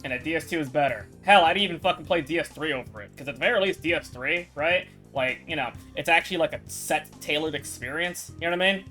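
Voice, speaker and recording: A woman's voice: deep voice, quick pace, few pauses, fairly bright tone, soft background music. A woman streamer in casual chat with her viewers, swearing, rambling and laughing often.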